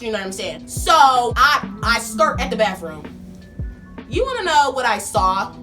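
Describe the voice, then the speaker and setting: A young woman vlogger telling a casual story in a slangy, animated way, acting out her own lines. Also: high-pitched.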